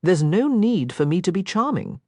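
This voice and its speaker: A woman's voice: lowish voice, lively intonation, moderate pace, darkish tone, no echo. A woman voicing a charming young nobleman who speaks in a teasing, mischievous way, recorded dry and close for an audiobook.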